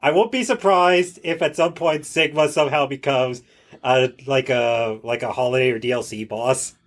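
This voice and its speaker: A man's voice: mid-range voice, moderate pace. A man guesting on a casual gaming podcast, rambling on about game trivia.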